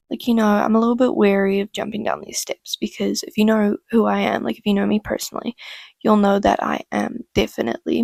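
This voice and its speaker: A woman's voice: mid-range voice, creaky, no echo, clean studio sound. A young woman casually telling a story from her childhood, rambling with lots of "like" and the odd swear word. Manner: rambling and chatty, heavy use of "like", swears freely. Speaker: vlogger.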